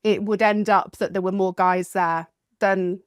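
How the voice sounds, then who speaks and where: A woman talking as a guest on a podcast in a chatty, expressive way, laughing often. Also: mid-range voice, unhurried, clear, resonant tone, no echo, clean studio sound. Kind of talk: casual chat.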